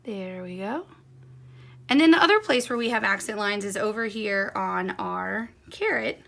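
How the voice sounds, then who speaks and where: Gravelly-voiced woman teaching quilting. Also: medium pitch, normal speed, a bit bright. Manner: chatty and encouraging, talking while working with her hands. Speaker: quilting instructor. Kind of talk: hands-on sewing tutorial.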